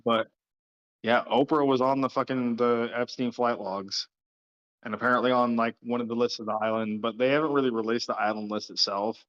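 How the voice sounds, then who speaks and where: A man's voice: medium pitch, steady tone, brisk, a bit bright, muffled recording. A man hosting a late-night livestream who rambles casually, swears a lot and laughs often. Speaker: livestream host.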